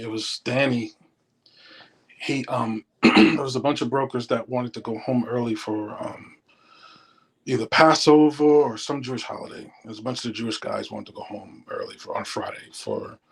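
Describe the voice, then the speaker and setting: A man's voice: medium pitch, moderate pace, gravelly, breathy edge, rough recording. A middle-aged man, a former stockbroker, telling stories as an interview guest and acting out what people said. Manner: animated storyteller acting out quotes. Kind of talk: casual storytelling.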